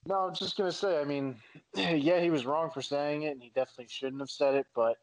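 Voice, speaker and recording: A man's voice: on the high side, fairly even intonation, fast talker, dry recording, rough recording. A man giving his opinion in a casual sports chat, hesitant and full of fillers.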